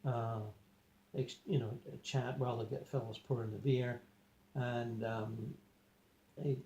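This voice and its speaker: A man recounting an out-of-body experience, talking in a hesitant, rambling way with many pauses and fillers. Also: medium pitch, fairly even intonation, warm tone, dull audio, slight background noise. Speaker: journal narrator. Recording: roomy echo.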